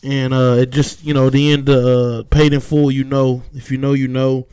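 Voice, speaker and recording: A man's voice: mid-range voice, level tone, moderate pace, warm tone, clean tone, no echo. Slangy Southern man recapping battles. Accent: Southern American. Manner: loose, slangy, emphatic verdicts. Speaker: battle rap commentator. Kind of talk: casual recap commentary.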